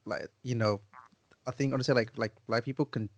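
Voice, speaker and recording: In a casual podcast interview, the twenty-something host asks questions with relaxed enthusiasm, often repeating words as he thinks. He talks briskly, with a medium-pitched, steady tone.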